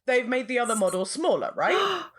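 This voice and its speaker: Animated, sweary woman podcast co-host. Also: a little high, moderate pace. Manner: sweary, animated, giggly storytelling. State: unwell. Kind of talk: casual film review chat.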